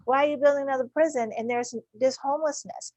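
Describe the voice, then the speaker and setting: A woman's voice: high-pitched, steady tone, quick pace, a little mellow, no room sound, poor audio. A woman host, asking a guest pointed, passionate questions. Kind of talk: interview questions.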